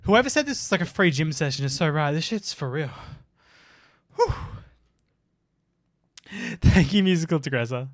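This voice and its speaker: A man's voice: a little high, sing-song, moderate pace, pauses often, no room sound, studio quality. A young man, out of breath from dancing, chatting casually and profanely as he streams a dance game. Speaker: gaming streamer. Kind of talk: casual let's-play commentary.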